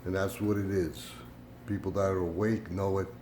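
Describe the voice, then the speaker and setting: A man's voice: deep voice, normal speed, slight background noise. An older man hosting his own channel, telling a long story in a casual, meandering monologue full of fillers and retold dialogue. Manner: meandering storytelling with fillers, voice rising into animated retelling. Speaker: YouTube channel host. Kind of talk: casual rambling monologue to camera.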